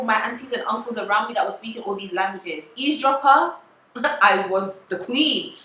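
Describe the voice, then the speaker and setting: Bright, chatty woman vlogging. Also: mid-range voice, echoey room, slight background noise, low-quality recording. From England. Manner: chatty, confessional, laughs often. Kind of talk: casual vlog talk to camera.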